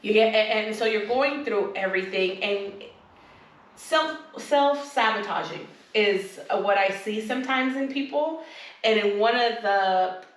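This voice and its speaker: A woman's voice: mid-range voice, measured pace. A woman co-hosting a podcast, chatting casually and rambling as she acts out what people said. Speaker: podcast co-host. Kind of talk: casual chat. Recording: echoey room, distant mic.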